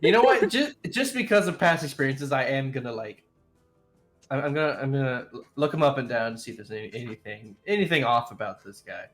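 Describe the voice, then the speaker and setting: A tabletop game player describing their moves, animated and hesitant at times. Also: mid-range voice, a little fast, faint music behind. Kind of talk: casual tabletop game chat.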